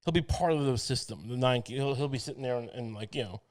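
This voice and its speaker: A man hosting a comedy podcast, riffing through a rambling, profane monologue full of restarts and asides. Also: mid-range voice. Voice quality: profane, halting delivery with many restarts. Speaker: podcast host. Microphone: podcast microphone.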